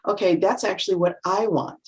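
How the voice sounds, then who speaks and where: A middle-aged woman talks over a video call, thoughtful and relaxed. She slips into lively voices to act out what people say to her. Her voice sits at an ordinary pitch. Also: a little fast. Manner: reflective, acts out quoted remarks in lively voices. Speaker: panel guest. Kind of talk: casual chat.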